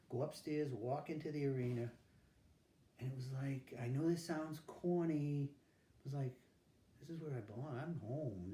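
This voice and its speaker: An older man talks through his life story in a candid, unhurried interview. He slips into the voices of the people he quotes along the way. The room gives his voice a noticeable echo, with a faint hum underneath. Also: medium pitch, warm tone. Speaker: interviewee, veteran.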